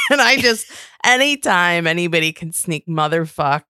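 Female podcast co-host, low-ish voice, dry close sound, loose chatty delivery with casual swearing. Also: normal speed, smooth, no room sound. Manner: chatty, swears freely, animated retelling. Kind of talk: casual chat.

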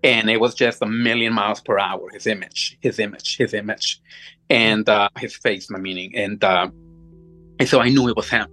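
A man telling a personal supernatural story as a guest, halting and restarting often, audibly moved as he talks. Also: lowish voice, steady tone, bright, forceful tone, rough recording. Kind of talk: emotional first-person storytelling.

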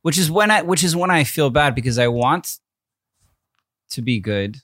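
Tired halting dad. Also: male voice, on the high side, expressive, no echo, clean studio sound. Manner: halting, trails off quietly. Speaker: father in a podcast chat. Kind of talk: casual chat.

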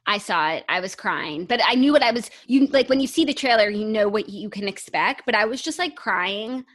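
A young woman co-hosting a podcast in casual chat, agreeable and expressive as she reacts and shares her opinions. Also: medium pitch, a little fast. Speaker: podcast co-host.

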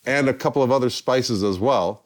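An older man from England, a guest telling anecdotes in a lively way and acting out the people he quotes. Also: medium pitch, a little fast. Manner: lively, acts out quoted voices. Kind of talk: anecdotal storytelling.

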